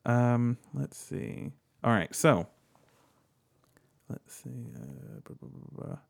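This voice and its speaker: A man's voice: mid-range voice, expressive, slow, gravelly. A man co-hosting a casual chat, reading facts aloud and riffing on them in a jokey, offhand way, swearing freely. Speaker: podcast co-host.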